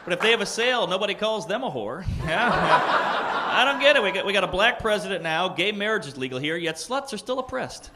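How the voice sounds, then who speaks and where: High, animated man ranting on stage. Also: brisk. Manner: mock-indignant ranting. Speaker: stand-up comedian. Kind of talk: stand-up comedy set. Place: comedy club stage with audience. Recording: live club audio with crowd noise.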